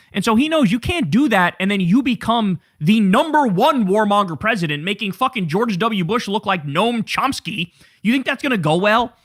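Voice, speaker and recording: Male political commentator, sarcastic, profane, high voice, dry close sound. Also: a bit bright, no room sound.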